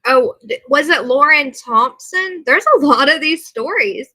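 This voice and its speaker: A woman's voice: high voice, expressive, unhurried, sharp tone, dry recording, low-quality recording. A tired woman hosting a casual livestream, reading aloud and answering her viewers' comments. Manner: chatty, reads aloud and answers chat comments. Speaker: livestream host. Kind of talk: casual live chat with viewers. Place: at home.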